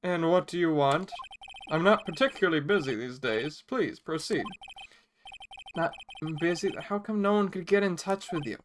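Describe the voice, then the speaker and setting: A woman voicing a pompous, blustering older male lawyer who talks in a booming, theatrical way, with game music behind. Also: normal speed, a little hiss or hum, lightly acted.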